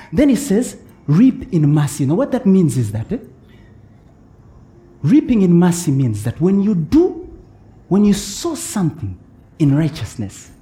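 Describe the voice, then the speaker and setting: A man preaching a sermon as pastor, often checking in with his congregation and chuckling between points. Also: on the high side. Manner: animated preaching with frequent "eh?" check-ins and chuckles.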